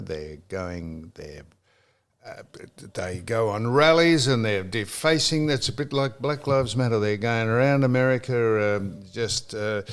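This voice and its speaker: An Australian man hosting a podcast, talking in a halting way with many restarts and pressing questions. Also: fairly low pitch. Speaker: podcast host. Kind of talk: casual chat.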